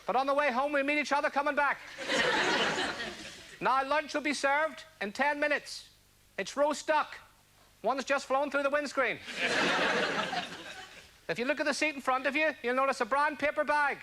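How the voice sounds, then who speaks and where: A man putting on a bumbling male airline captain, giving slow, deliberate announcements. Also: very high voice, fairly even intonation, heavy background noise. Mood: pompous announcing.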